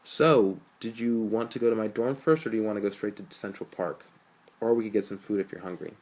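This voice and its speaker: A man's voice: fairly low pitch, a little fast, a little mellow. A man voicing a young male college student who talks casually and jokes with friends. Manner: casual, joking. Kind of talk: audiobook narration.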